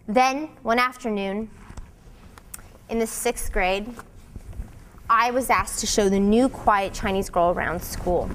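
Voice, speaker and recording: A woman giving a dramatic solo performance of a novel's excerpts, with a slow, deliberate and emotionally charged delivery. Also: fairly high pitch.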